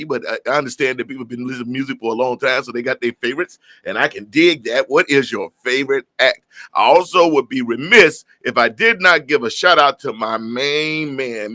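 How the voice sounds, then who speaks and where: A man hosting a live music stream in a relaxed chat, greeting viewers by name and talking in easygoing slang. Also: on the high side, no room sound. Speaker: host of a live music show.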